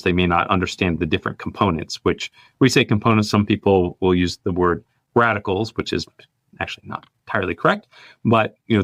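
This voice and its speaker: A man's voice: sits low, a bit bright, no echo. A man from the United States hosting a podcast, agreeably summing up and adding to his guest's points. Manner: agreeable, summarizing what the guest says. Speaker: podcast host. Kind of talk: podcast conversation.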